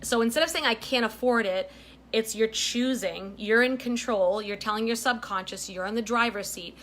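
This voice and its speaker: A woman's voice: medium pitch, moderate pace, fairly bright tone. Middle-aged woman vlogging, chatty, keeps going "okay? right?", bit of faint noise in the back. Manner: chatty and emphatic, frequent "okay?" and "right?" check-ins. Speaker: vlogger giving life advice. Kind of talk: casual direct-to-camera advice.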